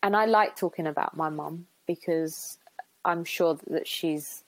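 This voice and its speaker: A woman's voice: low-pitched, a little slow, dry recording, poor audio. A young woman, a podcast guest, talking openly and from the heart, with lots of fillers and restarts. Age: young adult. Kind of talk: reflective podcast conversation.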